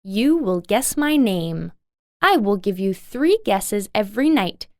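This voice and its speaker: A woman's voice: mid-range voice, lively intonation, takes it slowly, a little mellow, no room sound, studio quality. Woman playing a sly little imp. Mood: teasing. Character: small sly male imp with a tail.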